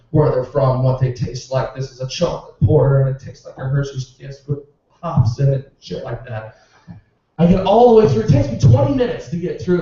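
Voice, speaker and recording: A man's voice: medium pitch, warm tone. Young male stand-up, exasperated ranting, heard from off-mic in an echoing club. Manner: exasperated rants with profanity. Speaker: stand-up comedian. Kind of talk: stand-up routine at a comedy club. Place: small comedy club. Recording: roomy, distant, muffled club recording.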